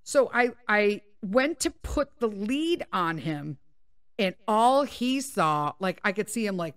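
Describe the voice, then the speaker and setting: A woman podcast host telling a story in casual chat, animated and full of swearing. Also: medium pitch, measured pace, dry recording, studio quality. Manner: profane, animated, laughing.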